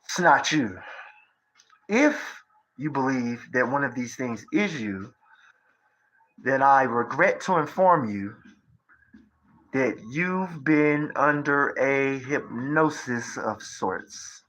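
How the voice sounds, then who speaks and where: A man's voice: medium pitch, animated, slow, long pauses, fairly bright tone, low-quality recording. A man in his thirties giving a rambling, profane livestream monologue, lecturing his viewers with rhetorical questions in a conspiratorial tone. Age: 30s.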